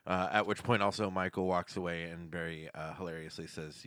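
A man's voice: low-pitched, fairly quick, no echo. A man co-hosting a casual podcast chat, joking around and swearing freely. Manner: animated, swears freely, jokey. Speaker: podcast co-host.

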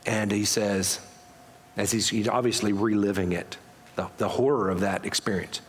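A man's voice: fairly low pitch, steady tone, moderate pace, in a large hall. A man preaching a storytelling sermon as pastor, talking conversationally and often correcting himself mid-sentence.

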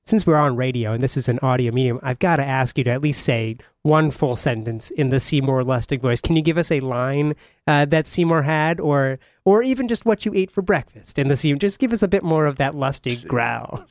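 A man hosting a radio interview, asking inquisitive, measured questions. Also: medium pitch, dry recording, studio quality. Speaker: radio host.

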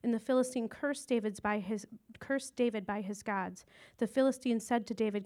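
A woman's voice: fairly high pitch, brisk, few pauses, darkish tone. A woman teaching a casual Bible lesson, retelling a story in a chatty, informal way with slang asides.

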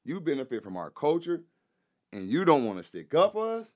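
A man speaks fast and emphatically in a casual podcast chat, his voice sitting a little high. He swears freely, repeats his points and keeps tagging lines with "you know what I'm saying". His talk is loose and conversational. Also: very animated. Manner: profane, loose slangy delivery. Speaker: guest, rapper and activist.

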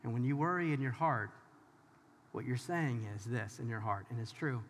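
A man's voice: medium pitch, expressive, moderate pace, slight background noise. A man preaching a conversational sermon as pastor, talking straight to the audience in an informal, emphatic way. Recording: long hall reverb.

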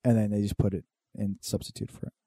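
A young man telling profane, animated stories in casual podcast chat. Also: fast, slightly rough, dry recording. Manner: profane storytelling, mimics his dad in a loud high voice. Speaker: podcast co-host.

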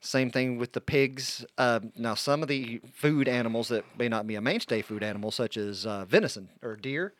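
A man's voice: medium pitch, moderate pace, hardly any pauses. A man co-hosting a podcast in casual banter, dropping wry quips and corrections. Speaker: podcast co-host.

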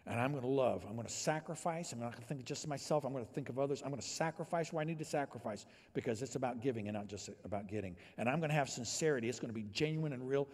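A male pastor delivers a sermon in a husky, slightly breathy voice of middling pitch. His delivery moves between hushed, intimate near-whispers and loud, emphatic declarations. The sound carries the long reverb of a church hall. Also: rapid-fire, hardly any pauses.

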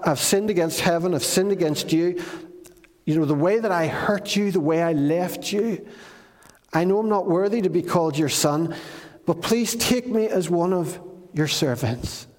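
A man's voice: fairly high pitch, a little mellow, close to an everyday voice. A man voicing a remorseful young runaway son who pleads and apologizes in a rehearsed way. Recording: long reverb of a large hall.

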